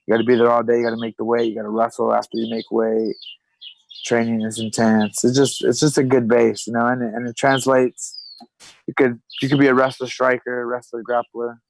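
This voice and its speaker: Heard on a rough recording, a retired professional fighter in his thirties guests on a podcast, speaking fairly quickly in a creaky, mid-range voice with little pitch movement. His casual storytelling wanders, packed with restarts and filler words.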